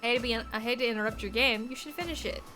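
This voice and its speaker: A woman's voice: fairly high pitch, very fast, over music. A woman streaming a dating game, playful and irreverent, laughing between lines. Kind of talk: live game stream, reading aloud.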